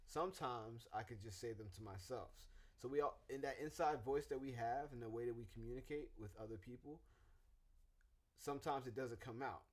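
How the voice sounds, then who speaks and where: A man's voice: medium pitch, a little fast. Playful man co-hosting a podcast. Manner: animated, playful, jokes with silly voices. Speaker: podcast co-host. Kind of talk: casual relationship advice chat. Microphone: studio microphone.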